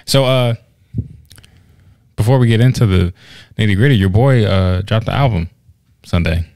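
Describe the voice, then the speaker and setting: A man with a very deep, gravelly voice chats casually on a podcast. He teases his co-host and jokes around. The sound is dry and close. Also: normal speed, a little mellow, no echo. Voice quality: gravelly, low. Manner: teasing, joking banter. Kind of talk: casual chat.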